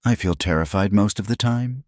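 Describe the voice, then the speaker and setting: A man's voice: lowish voice, moderate pace, a little mellow, no echo, clean studio sound, pitched above the performer's own voice, lightly acted. A man voicing a young frontier woman who speaks in an urgent, pleading way. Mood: shaken.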